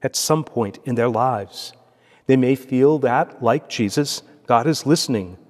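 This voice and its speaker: Solemn priest in a reverberant church. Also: male voice, mid-range voice, darkish tone. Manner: measured, solemn liturgical delivery. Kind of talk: reading scripture aloud and preaching. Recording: long echoey church reverb.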